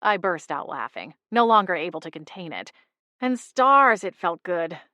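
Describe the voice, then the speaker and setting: A woman narrating a novel in the first person as an audiobook, wry and lively. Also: on the low side, moderate pace, no room sound.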